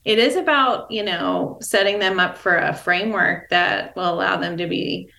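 A woman's voice: on the low side, normal speed, creaky, bright, forceful tone, a little hiss or hum. A woman guest in a reflective conversation, talking thoughtfully with many fillers. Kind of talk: casual conversation. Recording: echoey room.

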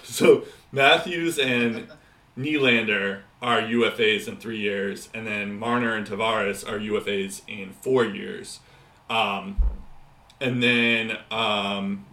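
A man's voice: lowish voice, sharp tone, echoey room. A man co-hosting a casual podcast chat, rambling with many fillers and restarts. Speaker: podcast co-host.

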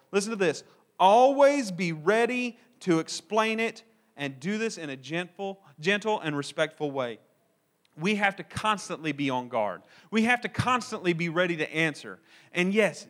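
A man preaching a sermon in an earnest, conversational way, with animated asides to his listeners. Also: high-pitched. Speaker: pastor.

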